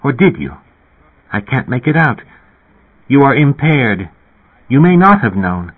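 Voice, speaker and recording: A man with a husky voice voicing a mysterious young girl who speaks calmly and cryptically. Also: mid-range voice, measured pace, pitched above the performer's own voice. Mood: cryptic calm. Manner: calm, teasing, cryptic. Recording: tinny phone-like sound.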